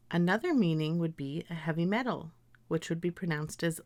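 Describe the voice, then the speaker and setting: A woman teacher giving a recorded grammar lesson, reading example sentences slowly and carefully. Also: fairly low pitch, darkish tone, no room sound.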